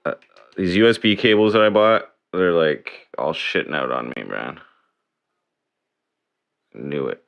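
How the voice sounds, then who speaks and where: A man's voice: very deep voice, unhurried, gravelly, long pauses, highs cut off. A man hosting a casual livestream, swearing and grumbling as he fixes his setup. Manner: swearing, grumbling over tech trouble. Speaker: livestream host.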